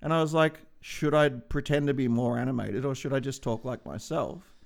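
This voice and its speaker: Gravelly laid-back man in his forties. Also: medium pitch, normal speed. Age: 40s. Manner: laid-back, swears freely, laughs easily. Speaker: podcast co-host. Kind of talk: casual podcast chat. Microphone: studio microphone.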